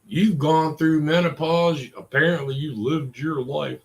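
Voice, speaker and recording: A man's voice: fairly high pitch, steady tone, unhurried, poor audio. A man in his forties ranting in a rambling, exasperated way, full of curses. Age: 40s. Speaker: vlogger. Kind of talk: casual ranting monologue.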